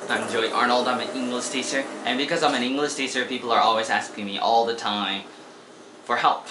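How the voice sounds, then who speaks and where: A man's voice: mid-range voice, steady tone, a little fast, reverberant, noisy background. An American man in his twenties, an English teacher from Oregon, talking in a rambling, playful way in a casual teaching vlog. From Oregon, USA. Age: 20s. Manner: rambling, playful, repeats words as he goes.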